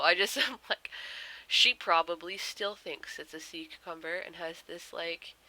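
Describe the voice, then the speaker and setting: Young woman, casual storytelling while drawing, bright tense tone, lowish voice, lots of ums. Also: gravelly, a little hiss or hum, rough recording. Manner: rambling, many fillers, deadpan punchlines. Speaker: artist vlogger.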